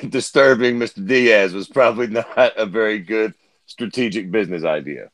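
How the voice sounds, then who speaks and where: A man's voice: fairly low pitch, moderate pace, fairly bright tone, dry recording, rough recording. A man co-hosting a casual podcast, talking in a laid-back, profane way and chuckling between points. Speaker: podcast co-host. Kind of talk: casual chat.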